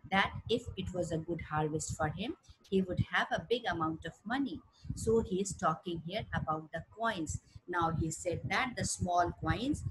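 A woman teacher with an Indian English accent reads a story aloud in a lowish voice, then explains it in simple words. She teaches slowly and carefully, using fillers. The audio is poor, with slight background noise.

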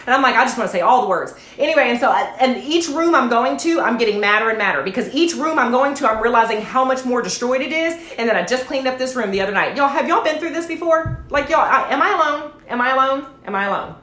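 A woman tells a rambling story to her livestream viewers, peppering it with asides. Her voice sits somewhat high, and the room around her is echoey. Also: quick pace, few pauses. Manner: chatty, addresses viewers as y'all, animated asides. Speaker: network marketing livestream host. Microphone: phone or webcam livestream.

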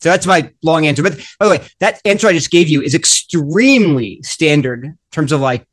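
A man, a guest author in a panel discussion, explaining with lively, acted-out quotes. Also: a little high, brisk.

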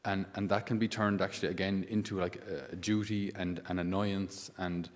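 A man's voice: deep voice, flat delivery, moderate pace, big-room sound. A man, a priest giving a conversational sermon full of asides and rhetorical questions.

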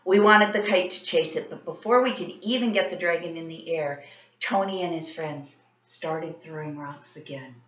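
Bright, expressive woman reading a storybook. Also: sits low, moderate pace, a little hiss or hum. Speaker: teacher. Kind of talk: children's story read-aloud. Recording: roomy, slightly dull sound.

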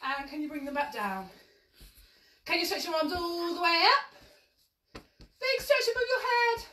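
A woman's voice: high-pitched, pushed and bright. A woman leading a live-streamed movement class for toddlers, giving cheery, encouraging sing-song instructions to the children and their grown-ups. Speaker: children's exercise class leader. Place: room at home. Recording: echoey room, mic at a distance.

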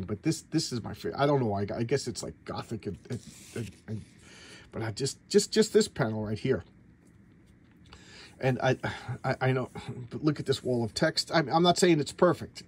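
A man casually reviewing an old comic book, talking eagerly but haltingly, with lots of restarts and repeated words and the odd self-doubting aside. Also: medium pitch, a little mellow, slightly rough.

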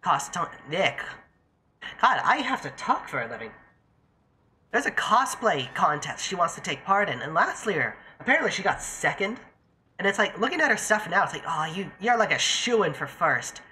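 A young adult streamer rambling through a live gameplay session with a bright, forceful voice. They talk to themselves and their chat in a loose, casual way and swear freely. The pitch sits in a middle range. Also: sing-song, normal speed, a little hiss or hum. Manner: chatty, profane, talks to self and chat.

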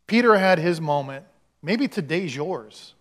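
A man's voice: on the high side, lively intonation, measured pace. A man, a pastor, giving a sermon in a conversational storytelling way, acting out the quotes he tells.

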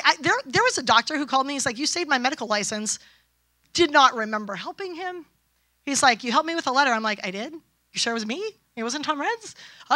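A woman's voice: a little high, pushed and bright, no echo. A middle-aged woman speaking at a conference, brash and storytelling, acting out quoted dialogue. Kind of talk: conference talk. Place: event stage.

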